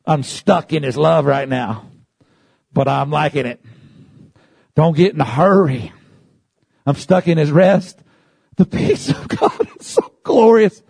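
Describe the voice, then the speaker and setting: A man preaching a sermon, moving from calm teaching to loud, high-pitched shouting. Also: slow pace, gravelly, long pauses, slightly rough, no echo.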